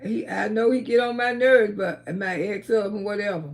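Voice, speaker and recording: A woman hosting a live stream, talking casually and trash-talking loudly, with frequent laughter. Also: mid-range voice, steady tone, moderate pace.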